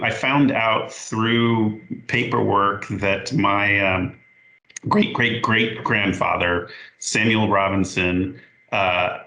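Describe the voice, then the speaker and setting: Man, 40s, podcast guest. Low, forceful voice, halting and unhurried, recorded in a roomy space. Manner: halting, unhurried, stops to correct himself. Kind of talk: casual storytelling.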